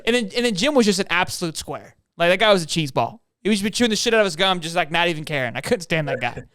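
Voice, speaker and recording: A young man chats about college football at a fast clip, his voice high for a man and crisp. He is animated and jokey, laughing often, recorded dry and close. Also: no echo. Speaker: podcast co-host. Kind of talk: casual sports chat.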